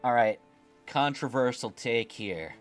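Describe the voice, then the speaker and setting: Brief: male game streamer, slow and sarcastic, home desk mic, game music low underneath. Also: lively intonation, clean tone. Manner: chatty, laughing, sarcastic asides. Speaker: streamer, VTuber. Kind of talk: let's-play commentary.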